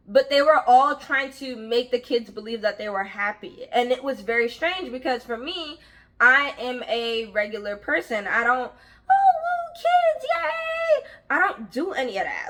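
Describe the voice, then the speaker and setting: Animated, bright-voiced young woman. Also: sits high. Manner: animated, acts out voices of people in her story; frank, uses slang and swearing. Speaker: vlogger telling a work story. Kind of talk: casual storytelling vlog.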